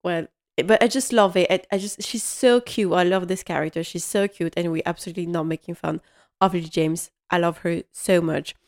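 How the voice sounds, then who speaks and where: A woman's voice: fairly low pitch, fairly even intonation, brisk, a little mellow. A woman hosting a fan podcast on her own, talking in a casual, rambling way with lots of ums and restarts. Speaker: podcast host. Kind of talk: casual solo podcast chat.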